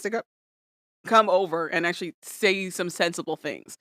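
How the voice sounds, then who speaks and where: A woman co-hosting a podcast recaps reality shows in relaxed chat, using a fairly low voice at a moderate pace. She's animated and plays out what people said with playful voices. The audio is studio quality with no echo.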